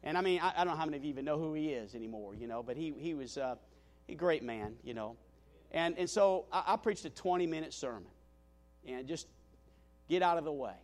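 A male pastor telling a story in a sermon, animated and self-deprecating, with frequent restarts and "you know". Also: on the high side, a little fast.

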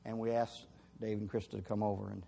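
A man as a pastor, preaching a sermon as an animated story with rising emphasis. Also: fairly low pitch, fast talker, creaky.

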